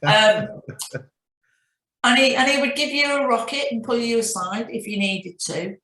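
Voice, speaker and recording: A middle-aged chief executive with a Northern English accent shares reflective anecdotes as a guest in a business interview, frequently restarting her sentences. Her voice is fairly high and sharp, and her pace is a little slow. The audio is poor, with a roomy sound and slight background noise.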